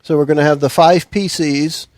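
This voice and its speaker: A man's voice: a little high, steady tone, normal speed, a little mellow, no echo. A man running a tabletop game as game master, chatting loosely with the players and reading out rules and scene text. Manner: loose and chatty, stops to look things up.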